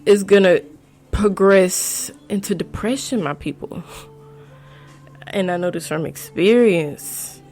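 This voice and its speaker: Woman podcast host, slow and unhurried, candid and profane, casual advice talk. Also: medium pitch, darkish tone, soft background music. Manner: candid and profane, rambling with restarts.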